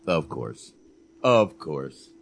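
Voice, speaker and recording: A man co-hosting a casual movie chat, animated, swearing and repeating himself for emphasis. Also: rumbling low, very slow, gravelly, slight background noise. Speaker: podcast co-host.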